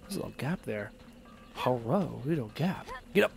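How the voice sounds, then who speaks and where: A man's voice: mid-range voice, big pitch swings, normal speed, creaky. A man streaming a game live, chatting and muttering to himself as he plays and reads chat aloud. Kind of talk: live gameplay commentary, reading chat aloud.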